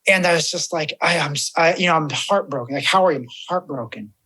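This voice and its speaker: A death doula appears as a guest on a podcast and chats casually in a fairly high-pitched voice at a fast pace. He is an animated storyteller who acts out the voices of the people he quotes.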